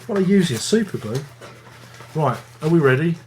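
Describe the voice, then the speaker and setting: A man's voice: a little high, big pitch swings, a little fast. A man hosting a casual music review video, rambling and joking at his own expense. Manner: rambling, jokey, self-mocking.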